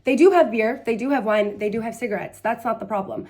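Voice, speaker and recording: A woman's voice: fairly high pitch, fast. A woman from the United States giving travel advice in a casual vlog, blunt and sarcastic, telling stories in a chatty way. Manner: chatty, animated storytelling with quoted voices. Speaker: travel vlogger.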